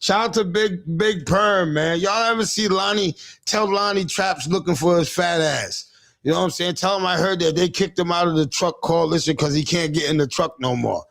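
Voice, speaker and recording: A man's voice: sits high, normal speed, creaky, fairly bright tone. A man hosting a livestream, telling rambling, profane, teasing comic stories in casual chat. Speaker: livestream host.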